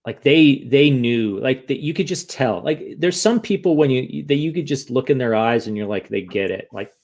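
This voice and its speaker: Gravelly-voiced man, candid and rambling. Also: medium pitch, lively intonation, moderate pace, a little mellow. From United States. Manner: candid, rambling with many restarts. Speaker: guest. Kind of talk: emotional interview conversation.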